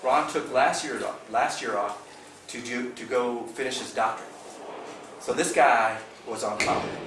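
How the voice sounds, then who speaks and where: A man's voice: mid-range voice, normal speed. A man telling a fishing tournament story at a club meeting, acting out the quotes with animation. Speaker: fishing team member recapping a tournament. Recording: echoey room from far off, noisy.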